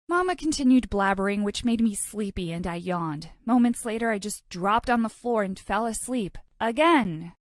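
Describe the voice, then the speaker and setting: Animated woman telling a dramatic story. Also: mid-range voice, moderate pace, few pauses, dry recording, studio quality. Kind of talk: scripted storytime narration.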